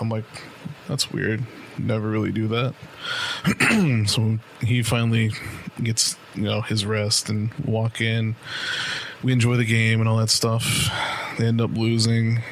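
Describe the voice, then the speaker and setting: With a lowish voice, a steady tone, and a measured pace, a man in his late twenties co-hosts a podcast. He tells a long, casual story laced with profanity and fillers like "like" and "right?", and a little hiss or hum runs underneath.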